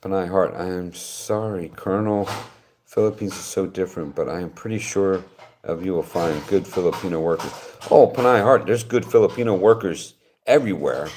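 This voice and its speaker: A man's voice: low-pitched, darkish tone. An older man from West Virginia, hosting a casual livestream chat and answering viewer comments in a rambling, conversational way. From West Virginia, United States. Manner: rambling, conversational, frequent restarts. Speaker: channel host reading viewer comments.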